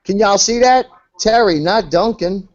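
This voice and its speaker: A man's voice: high-pitched, a little slow. A man hosting a casual livestream, hurriedly digging through old comments to show others, over lo-fi audio.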